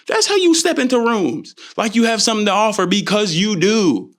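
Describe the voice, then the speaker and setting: A young man hosting a solo podcast, talking in a playful, animated way and often jumping into quoted voices. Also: fairly high pitch, fairly quick. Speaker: podcast host. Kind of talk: solo motivational podcast talk.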